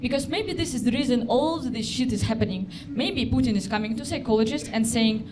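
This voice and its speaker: Woman, Russian accent, stand-up comic, deadpan, fairly high voice, live club noise behind. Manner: deadpan, halting non-native phrasing. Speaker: stand-up comedian. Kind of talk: stand-up routine. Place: comedy club stage.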